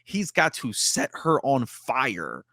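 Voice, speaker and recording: A man co-hosting a podcast, excitedly sharing his reactions to a horror movie and acting them out. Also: mid-range voice, slow, no room sound. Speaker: podcast co-host. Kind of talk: casual movie breakdown chat.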